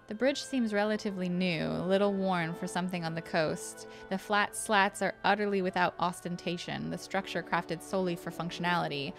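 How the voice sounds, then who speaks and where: A woman's voice: fairly low pitch, steady tone, brisk, few pauses. Woman streamer reading game text over music. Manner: chatty, reacting between narrated passages. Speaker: gaming streamer. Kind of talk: let's-play, reading game text aloud.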